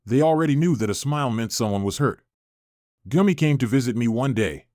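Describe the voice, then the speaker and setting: A man narrating a first-person story in a scripted, even reading voice. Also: mid-range voice, brisk, dry recording, clean studio sound.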